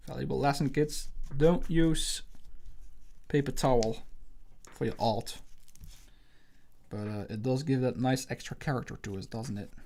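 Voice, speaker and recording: Mellow-voiced joking livestream host man. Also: mid-range voice, a little slow, creaky, pauses often. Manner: joking, crude, rambling. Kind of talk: casual livestream chat while drawing.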